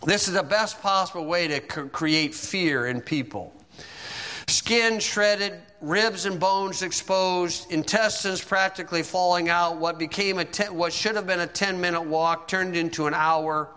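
A man's voice: high-pitched, a little slow, pushed and bright, clear, resonant tone, big-room sound. A man preaching a sermon, retelling events in vivid, dramatic storytelling.

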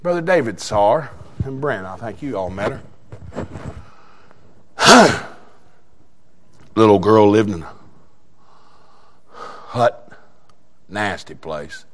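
A man preaching a sermon, telling a story in a folksy way that swings between quiet talk and shouted exhortation. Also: lowish voice, expressive, extremely slow, pauses often.

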